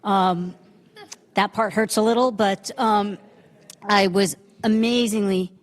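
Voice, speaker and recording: A woman's voice: medium pitch, fairly even intonation, slow. A middle-aged woman from New Jersey giving an unprepared acceptance speech at a council meeting, grateful and hesitant, with many fillers. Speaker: county commissioner accepting an award. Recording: reverberant meeting room.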